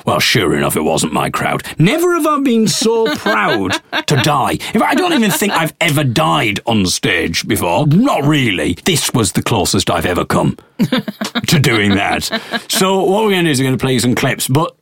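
A man in his thirties, a podcast host and comedian, chatting and telling stories in an animated way. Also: mid-range voice, normal speed, vocal fry, husky, dry recording. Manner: chatty storyteller, animated, acts out voices in anecdotes. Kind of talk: casual chat.

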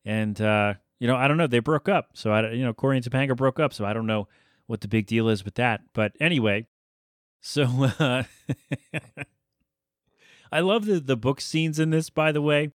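A man's voice: mid-range voice, moderate pace, long pauses, no room sound, clean studio sound. A man hosting a podcast, recapping a TV episode in a casual, rambling way with jokey asides and self-corrections. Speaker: podcast host.

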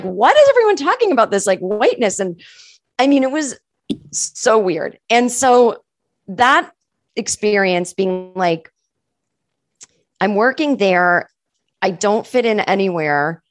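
As a podcast guest, a female comedian tells casual stories, often saying "like" and acting out quoted people. Her voice is lowish, and the studio sound is clean with no echo.

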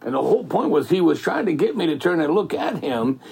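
A man's voice: fairly high pitch, very animated, fairly quick, creaky, a little mellow, husky. A middle-aged man telling faith stories in a rambling, folksy way, full of "man" and "you know". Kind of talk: casual faith storytelling.

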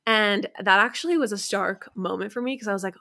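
A woman's voice: medium pitch, brisk, vocal fry, pushed and bright, no room sound, studio quality. A woman in her thirties co-hosting a podcast in casual chat, wry and self-mocking, laughing often. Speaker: podcast co-host.

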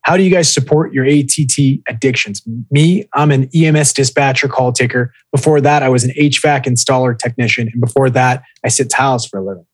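Give me a man with a husky voice chatting casually as a podcast co-host, recorded dry and close. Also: medium pitch, fairly quick, hardly any pauses, dry recording, low-quality recording. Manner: animated, swears freely, reads listener posts aloud. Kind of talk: casual podcast chat, storytelling.

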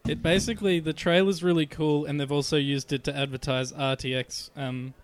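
A man's voice: fairly high pitch, level tone, brisk. A man guesting on a gaming podcast, chatting casually with playful, boastful jokes. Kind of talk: casual chat.

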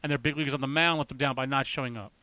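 A man hosting a casual baseball chat, talking fast and excitedly with lots of restarts. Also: mid-range voice, no echo. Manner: excitable, rapid, full of restarts. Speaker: baseball podcast host.

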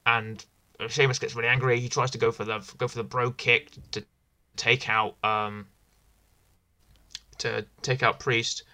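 A man's voice: medium pitch, little pitch movement, measured pace, long pauses, bright, forceful tone. A man hosting a casual wrestling review podcast, rambling and enthusiastic, often repeating himself. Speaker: podcast host.

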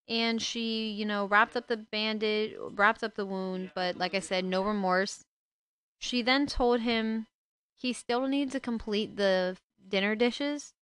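A woman's voice: mid-range voice, fairly bright tone, clear, resonant tone. A woman hosting a casual book talk, retelling a story with emotional, indignant asides. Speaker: book discussion host.

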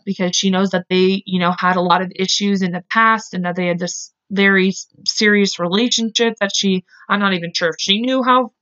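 A woman's voice: medium pitch, fairly even intonation, fairly quick, few pauses, a bit bright, clear, resonant tone. Chatty woman podcaster, lo-fi sound. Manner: chatty, filler-heavy, emotional, swears openly. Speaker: podcast host. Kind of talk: casual true-crime storytelling.

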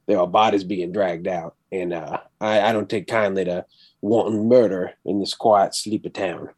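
A man voicing a stern rancher with a shotgun, in a halting put-on Southern drawl. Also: low voice, steady tone, darkish tone, no room sound.

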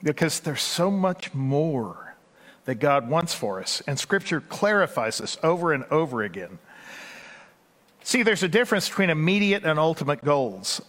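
Folksy Texan pastor, male, fairly high voice, preaching in a big echoing church. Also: sing-song, a bit bright. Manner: conversational, folksy, with asides and quick bursts. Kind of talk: sermon. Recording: long hall reverb.

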